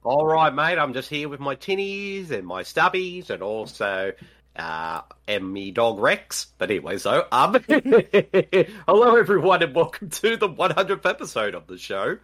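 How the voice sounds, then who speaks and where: Excitable Australian man co-hosting. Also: mid-range voice, moderate pace. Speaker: podcast co-host. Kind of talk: casual live podcast chat.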